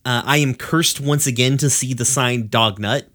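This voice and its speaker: A man's voice: mid-range voice, fairly bright tone. A man co-hosting a podcast, recapping a cartoon episode in rambling casual chat, swearing freely and laughing often. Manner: rambling, profane, laughs often, voices characters in quick asides.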